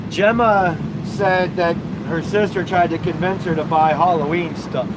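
A man's voice: high voice, steady tone, unhurried, heavy background noise. A man co-hosting a live stream, chatting casually, joking, laughing and swearing.

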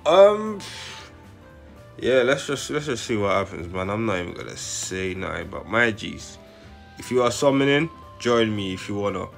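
A young man, giving slang-heavy, excitable commentary straight to his viewers. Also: on the low side, moderate pace, vocal fry, soft background music. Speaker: gaming channel host. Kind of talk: casual live commentary.

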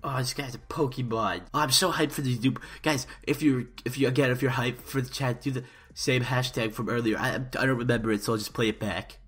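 A man's voice: medium pitch, steady tone, a little fast, hardly any pauses, a bit bright, slightly rough. A young man doing parody let's-play commentary, stammering and overhyped in a mock-earnest way. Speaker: YouTuber.

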